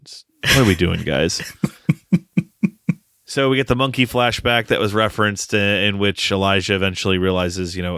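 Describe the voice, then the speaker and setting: Low-voiced wry man, smooth and dry. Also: fairly bright tone, no room sound. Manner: wry, swearing, laughs at the film. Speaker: podcast co-host. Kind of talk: casual film discussion.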